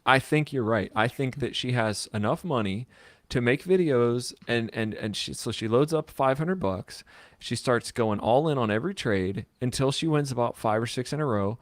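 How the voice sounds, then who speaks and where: A man's voice: mid-range voice, normal speed, no echo. A man co-hosting a podcast in rambling casual chat, often restarting his sentences. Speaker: podcast co-host.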